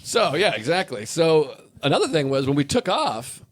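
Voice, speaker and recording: A man's voice: fairly high pitch, sing-song, normal speed. A man telling a rambling anecdote in casual podcast chat, with hesitant restarts. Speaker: comedian telling a story.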